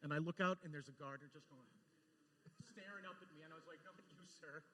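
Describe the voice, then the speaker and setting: Animated man with a bright voice. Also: fairly high pitch, fast, big-room sound. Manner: animated, laughing, acts out quotes. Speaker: storyboard director guest. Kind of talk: lively anecdote-telling.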